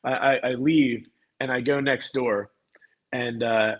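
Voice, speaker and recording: Husky man telling a story. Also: mid-range voice, takes it slowly, low-quality recording. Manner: animated, repeats words and restarts often. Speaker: podcast guest. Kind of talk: casual storytelling.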